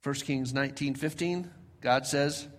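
A man preaching a sermon, his delivery swinging between loud emphatic peaks and soft, almost whispered drops, slowing down when he reads scripture. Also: mid-range voice. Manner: slows down for scripture reading. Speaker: pastor. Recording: long hall reverb.

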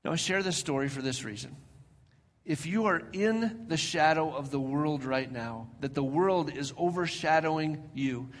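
A fairly high-voiced man preaches a sermon, rising to loud emphatic peaks, then sinking to soft, near-whispered lines. He slows down to read scripture aloud. His voice rings out with a long reverb, as if in a large hall. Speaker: pastor.

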